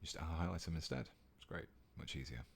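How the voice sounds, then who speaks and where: A man's voice: rumbling low, fairly quick, vocal fry, slight background noise. A British man giving a casual painting tutorial on a live stream, chatting with viewers as he works. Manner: relaxed and chatty, reading out viewer comments.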